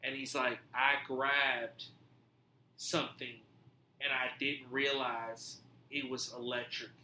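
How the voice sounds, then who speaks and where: A man hosting a podcast, telling a story in a casual, animated way, swearing freely and acting out what people said. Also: mid-range voice, slow pace, roomy sound, a little hiss or hum. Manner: animated, profane, acts out quoted dialogue. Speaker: podcast host.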